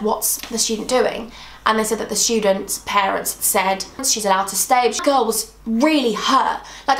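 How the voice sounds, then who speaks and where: A young woman spills a personal story to her viewers, re-enacting arguments as she goes. Her voice sits a little high. The room gives it a roomy echo. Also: vocal fry, fairly bright tone. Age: 20s. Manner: emotional, re-enacts conversations. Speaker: YouTuber. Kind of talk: storytime vlog.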